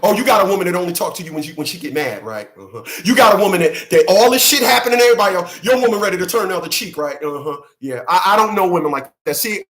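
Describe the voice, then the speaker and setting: A man's voice: sits high, lively intonation, rapid-fire, hardly any pauses, a bit bright. A man from the New York–New Jersey area, hosting his channel and ranting on a live stream in a profane, repetitive, emphatic way, laughing often. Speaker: channel host. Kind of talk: unscripted live-stream rant.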